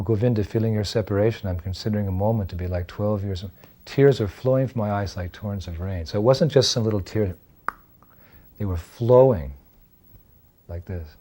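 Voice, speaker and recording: A man's voice: low voice, warm tone, husky. An older man telling personal devotional memories in a reflective storytelling way, laughing now and then. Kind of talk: storytelling memoir.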